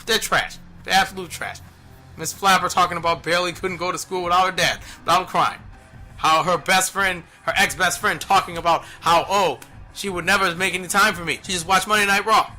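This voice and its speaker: A man's voice: high voice, sharp tone. A man reviewing wrestling shows alone, ranting bluntly and sounding exasperated. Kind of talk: solo opinion commentary.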